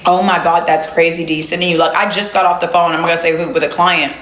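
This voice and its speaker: A woman's voice: on the low side, fairly even intonation, fast talker, fairly bright tone, reverberant, a little hiss or hum. A young woman chatting bluntly with viewers on a livestream, swearing freely. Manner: blunt, profane, talks straight to viewers. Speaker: livestream host. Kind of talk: casual livestream chat.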